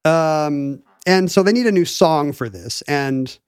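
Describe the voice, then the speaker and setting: A slightly high-voiced man talks through a history topic in a loose, chatty way. He packs his talk with "you know" and "like" and restarts sentences as he goes. The sound is dry and close, with no room behind him. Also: slow pace, clear, resonant tone, no room sound. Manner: explains history in a chatty, animated way with many fillers. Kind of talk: casual chat.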